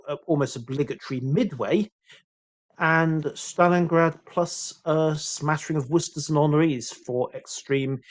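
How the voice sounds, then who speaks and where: A man giving live esports game commentary, explaining tactics calmly with dry jokes. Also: a little high. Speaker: esports caster.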